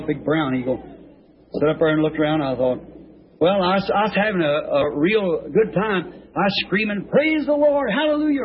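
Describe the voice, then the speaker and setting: A man preaching a sermon in a rambling, homespun storytelling way, breaking into high excited shouts, heard on a dull old tape recording with faint hiss. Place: church.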